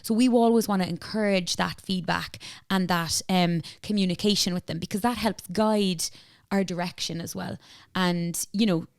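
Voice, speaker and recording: A woman with an Irish accent, a business founder talking in a casual interview, chatty and animated, full of fillers and retold dialogue. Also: lowish voice, normal speed, hardly any pauses, no room sound, clean studio sound. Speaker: entrepreneur guest.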